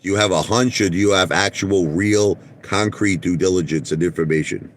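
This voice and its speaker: A man's voice: low-pitched, normal speed. A man ranting casually to his viewers, swearing often and laughing at his own jokes. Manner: profane, laughing, acts out quotes in a raised voice. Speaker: vlogger. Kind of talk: casual rant to camera.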